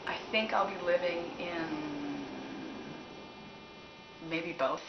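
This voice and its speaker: Low-voiced laughing woman, roomy recording. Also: slow. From Canada. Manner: laughs often, rambling and candid. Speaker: musician answering fan questions. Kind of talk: casual chat. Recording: roomy, dull, noisy recording.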